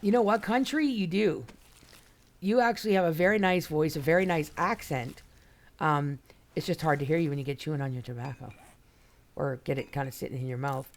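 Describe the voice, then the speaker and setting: A woman's voice: sits low, brisk. A woman streamer chatting casually with her viewers as she plays, rambling and greeting people by name. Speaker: game streamer. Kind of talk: casual live-stream chat while playing.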